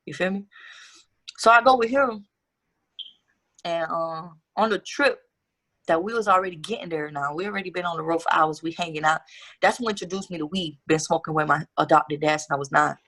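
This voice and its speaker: A woman's voice: on the low side, fairly quick, fairly bright tone. A young woman guest telling her life story in a casual interview, candid and profane with street slang.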